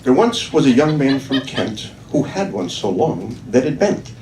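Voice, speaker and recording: A man's voice: medium pitch, very animated, measured pace, a little mellow. An older man in his seventies tells limericks and tall tales at an open mic, his voice rising and falling a lot. He sounds distant, caught in an echoey room with faint background noise. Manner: storytelling, jokey. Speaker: stand-up comedian.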